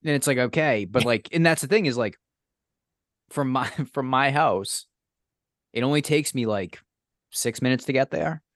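A man's voice: mid-range voice, moderate pace, long pauses, dry recording, studio quality. A young man, co-hosting a casual podcast, telling stories profanely and acting out exasperated quotes. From Massachusetts. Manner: animated, profane storytelling with mock-incredulous quotes. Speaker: podcast co-host. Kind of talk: casual chat.

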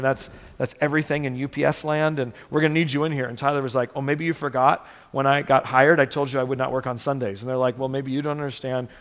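A male pastor preaching a sermon, earnest and direct, often repeating words for emphasis. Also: medium pitch. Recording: long reverb of a church hall.

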